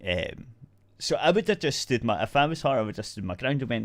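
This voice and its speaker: A man's voice: mid-range voice, expressive, a little fast. A man, co-hosting a podcast in casual chat, ranting bluntly and swearing freely. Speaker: podcast co-host.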